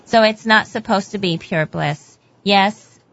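A woman's voice: medium pitch, measured pace, creaky, fairly bright tone, dry recording, muffled recording. A woman co-hosting a faith-based radio show, speaking in a reflective, teaching way. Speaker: radio co-host. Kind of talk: faith-based call-in talk.

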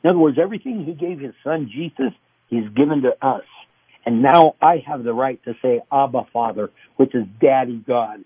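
A middle-aged male pastor being interviewed, preaching with animated acted-out voices. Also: medium pitch, moderate pace, husky, no room sound. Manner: animated, acts out voices and cries. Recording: tinny phone line.

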